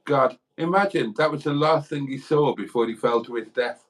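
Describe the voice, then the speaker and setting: A man's voice: medium pitch, moderate pace, noisy background. A man hosting a late-night live stream, teasing his co-host with cheeky banter. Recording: off-mic with loud music behind.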